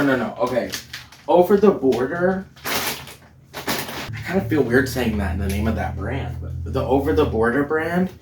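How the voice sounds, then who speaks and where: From his home kitchen, a man hosts a casual cooking vlog, playful and chatty and often laughing as he talks. His voice is fairly high, with a noisy background and roomy sound from a distant mic.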